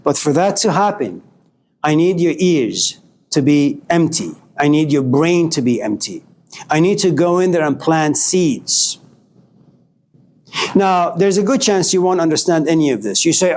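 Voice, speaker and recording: Animated male philosophy professor lecturing. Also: a little high, a little slow. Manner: animated storytelling, acting out dialogues with students. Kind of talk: classroom lecture. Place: classroom.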